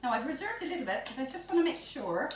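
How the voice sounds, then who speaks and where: A chatty middle-aged woman with a high, lively voice that jumps all over the place. She talks through a live baking demo in her home kitchen, caught on a phone held some way off, with a lot of room echo and faint noise behind. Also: fast talker. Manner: bubbly, chatty and animated. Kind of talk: live-streamed cooking demonstration. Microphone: phone camera held by a helper at a distance. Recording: echoey room, phone mic from far off.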